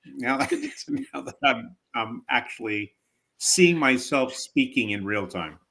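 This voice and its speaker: A man co-hosting a podcast in casual chat, speaking in a measured, thoughtful way with the odd chuckle. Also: medium pitch, big pitch swings, creaky, bright, forceful tone. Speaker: podcast co-host.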